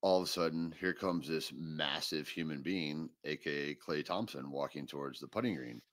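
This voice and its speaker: A man's voice: a bass voice, normal speed, a bit bright. A man co-hosting a podcast, telling a long funny story in casual chat and laughing through the punchlines. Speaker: podcast co-host.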